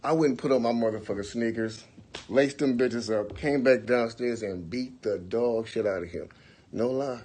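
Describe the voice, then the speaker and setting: A man in his forties telling a long, profane story on a livestream, acting out the quotes in bursts of loud, animated talk. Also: mid-range voice, moderate pace, a little hiss or hum. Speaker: livestream host. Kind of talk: casual storytelling.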